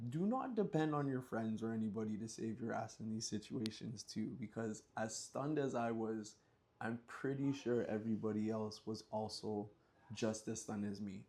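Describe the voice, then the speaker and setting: A man casually telling a personal story, animated, with slang and sudden high-pitched acted outbursts. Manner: animated, acts out scenes with sudden high yelps and sound effects; relaxed slang-laced talk.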